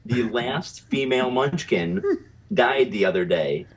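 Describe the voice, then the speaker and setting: Animated wry man in podcast banter. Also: mid-range voice, unhurried. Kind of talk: casual podcast chat.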